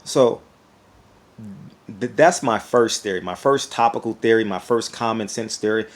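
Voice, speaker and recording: Guy ranting on his vlog, kinda low voice, rambly, stumbles over his words a lot. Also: normal speed. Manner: animated, rambling, repeats words. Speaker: YouTube commentator. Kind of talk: casual opinion vlog.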